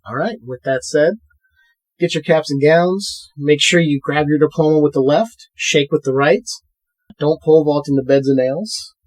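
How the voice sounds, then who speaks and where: A man's voice: on the high side, moderate pace. A man hosting a podcast, chatting casually and rattling off plugs and promos. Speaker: podcast host.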